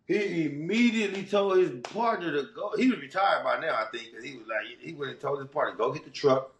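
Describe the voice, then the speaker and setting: A middle-aged man from Watts, Los Angeles, telling his story as a guest in casual, animated, slangy talk. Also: a little high, fairly quick, vocal fry, a little hiss or hum. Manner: animated, slangy, chuckles between phrases. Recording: roomy echo.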